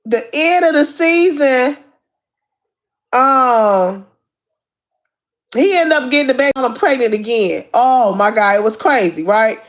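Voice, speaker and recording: A woman hosting a casual livestream, retelling a story in an animated, repetitive way with lots of asides to her viewers. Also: sits high, measured pace, long pauses. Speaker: livestream host. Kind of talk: casual recap of a reality show.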